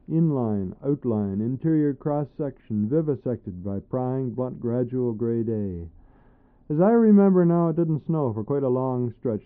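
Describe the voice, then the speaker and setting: A man reading his own poems aloud, dramatic, leaping between loud high bursts and low murmured phrases. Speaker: poet. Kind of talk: poetry reading. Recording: tinny narrow-band recording.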